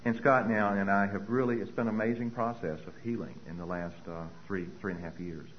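A man's voice: fairly low pitch, a little fast, highs cut off, slight background noise. A middle-aged man giving a personal recovery talk, earnest and repeating key phrases for weight. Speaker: recovery meeting speaker.

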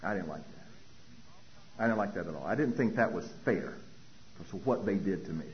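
A man's voice: deep voice, fast. Guy sharing his recovery story, voice swings up and down, dull lo-fi recording w/ faint hiss. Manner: animated storytelling, acts out dialogue. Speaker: speaker at a recovery meeting. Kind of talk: personal recovery talk.

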